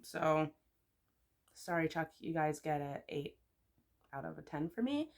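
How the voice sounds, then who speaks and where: A woman vlogger in casual chat, giving chatty, opinionated ratings with lots of fillers and sudden high exclamations. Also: animated, unhurried, vocal fry, a little mellow. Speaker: YouTuber.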